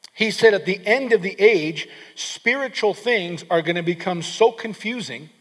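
A man with a notably high voice preaches an emphatic sermon, leaning in and repeating words to drive his points home. His voice rings through the long reverb of a large hall. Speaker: pastor.

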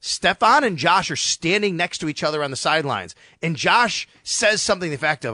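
A man hosts a sports talk show with a bright, forceful voice. He tells stories in a lively way and acts out the lines he quotes. The sound is dry and close. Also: a little high, a little fast, few pauses, dry recording. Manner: animated storytelling, acts out quotes. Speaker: sports radio host.

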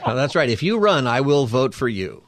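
A man's voice: mid-range voice, sing-song, moderate pace, no echo. A male radio talk show host in a studio, chatting with callers and preaching in a conversational, upbeat way. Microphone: studio mic.

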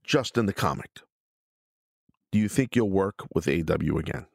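A man's voice: deep voice, expressive, moderate pace, vocal fry, soft background music. A man hosting his own podcast, answering listener questions in a blunt, rambling, profane way. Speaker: podcast host.

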